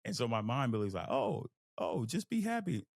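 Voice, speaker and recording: Young guy on his podcast, gravelly, dry close sound, fired up and pep-talking. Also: mid-range voice, a little fast, dry recording. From Fort Worth, Texas. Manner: animated, emphatic, acts out inner voices. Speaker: podcast host. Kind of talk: motivational monologue.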